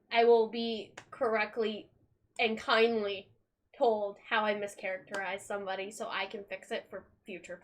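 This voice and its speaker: Slow-talking young woman streamer. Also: fairly high pitch. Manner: rambling, swears often, laughs between thoughts. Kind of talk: casual chat.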